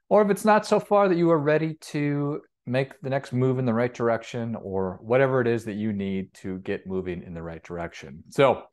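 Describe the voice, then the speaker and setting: Man, finance coach, upbeat, energetic, motivational talk, repeats phrases, mid-pitched voice.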